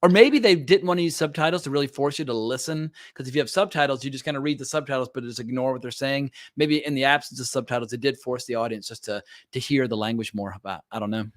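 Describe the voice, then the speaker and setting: A man's voice: mid-range voice, quick pace, hardly any pauses, dry recording, clean studio sound. A man hosting a casual film discussion, opinionated, asking questions and breaking off to restart sentences. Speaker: film podcast host.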